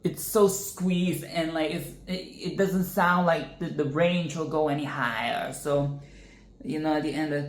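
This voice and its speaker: A woman hosts a relaxed vocal lesson in an unhurried, slightly low voice, and she keeps stopping herself mid-thought. She slips into sung and exaggerated demonstrations as she goes. The room around her sounds echoey. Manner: chatty, self-interrupting, breaks into sung and exaggerated demonstrations. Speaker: singing tutorial host.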